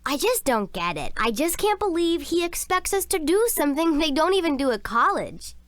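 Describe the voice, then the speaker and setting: A woman voicing a bright, science-savvy teenage schoolgirl in a video game, expressive and sincere. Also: high-pitched, normal speed, no echo. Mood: skeptical.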